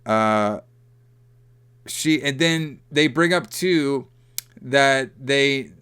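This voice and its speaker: With a medium-pitched, slightly bright and clean voice, this podcast co-host draws out his words. He casually recaps a movie, rambling loosely and packing in fillers such as "like" and "you know."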